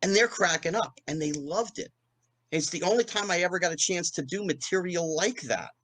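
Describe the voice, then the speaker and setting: A middle-aged man, a podcast guest, telling anecdotes in a lively way and acting out the voices of people he quotes. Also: high-pitched, normal speed, poor audio. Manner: animated, acts out quoted voices. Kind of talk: anecdotal storytelling.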